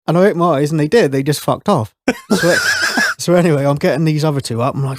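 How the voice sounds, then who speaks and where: A man's voice: fairly high pitch, fast, no room sound, studio quality. A man in his thirties, a chef guest on a podcast, telling anecdotes in casual chat, laughing often and swearing freely. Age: 30s.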